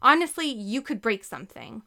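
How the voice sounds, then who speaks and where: A woman voicing a bold, playful young babysitter who talks briskly and bosses the kids around in a storybook reading. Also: fairly high pitch, big pitch swings, creaky, pushed and bright, exaggerated voice. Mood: mock stern.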